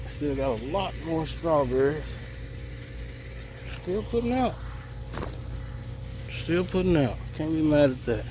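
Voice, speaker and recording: A man wanders his home garden on a hot day, filming with a handheld phone and chatting loosely as he thinks aloud. His pitch is medium, and there's a lot of noise in the background.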